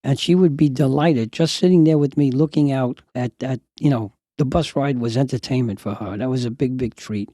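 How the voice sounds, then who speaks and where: An older man from New York who hosts a podcast and tells family stories as an animated storyteller, acting out the people in his anecdotes. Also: medium pitch, normal speed, hardly any pauses, no echo. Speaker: podcast host.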